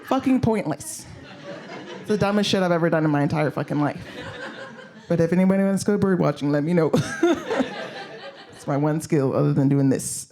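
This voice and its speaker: His voice sits on the high side, gravelly yet warm. He's a stand-up comedian doing a live set at a comedy venue, swearing liberally, poking fun at himself in a blunt way, and speaking straight to the crowd.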